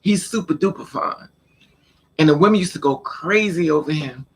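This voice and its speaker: Vlogger, male, casual storyteller; animated, acts scenes out, repeats words for emphasis. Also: fairly high pitch, normal speed, slightly rough.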